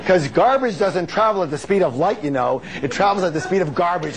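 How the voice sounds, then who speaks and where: A man's voice: fairly high pitch, expressive, quick pace, few pauses, crowd noise. A man giving a live motivational seminar, emphatic and joking, quizzing the audience and having them repeat phrases back. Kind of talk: live seminar lecture with call-and-response.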